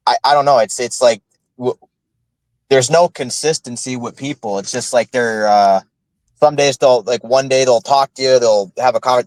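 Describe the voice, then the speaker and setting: Rambling man, halting with fillers. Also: medium pitch, no echo, poor audio. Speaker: podcast co-host. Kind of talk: casual chat.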